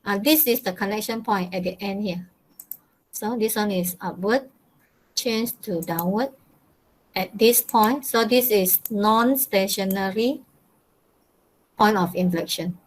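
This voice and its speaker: A woman's voice: medium pitch, a little slow, long pauses, poor audio. A woman with a Malaysian English accent teaching mathematics, explaining step by step, slipping Malay words into her English, and coaxing her students with frequent laughs. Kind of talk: classroom lesson.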